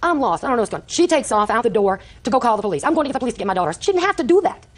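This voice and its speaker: An older woman testifying in court, telling her story quickly and acting out the conversations she recounts. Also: a little high, big pitch swings. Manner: rapid, breathless storytelling, acting out quoted exchanges. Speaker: litigant.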